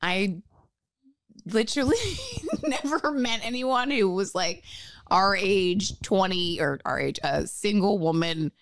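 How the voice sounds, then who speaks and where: A young adult woman, co-hosting a casual chat with her sisters, telling lively stories and acting out family members. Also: medium pitch, takes it slowly, no echo. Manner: animated storytelling, acts out family quotes, swears, laughs often. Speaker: podcast co-host.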